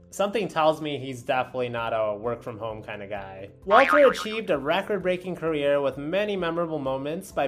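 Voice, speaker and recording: A man hosting a video, reading an article aloud with wry, joking asides in casual commentary. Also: mid-range voice.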